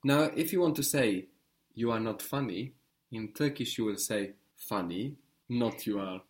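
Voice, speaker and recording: Man, patient tutor, leads a student through drills with calm encouragement. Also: medium pitch, a little slow. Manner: patient, encouraging, step-by-step prompting. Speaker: language teacher. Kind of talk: guided language lesson.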